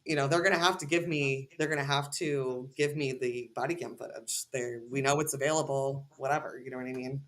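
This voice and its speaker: A woman's voice: a bass voice, steady tone, a little fast, few pauses, a bit bright. A woman as a podcast guest, ranting heatedly and cursing freely in casual conversation.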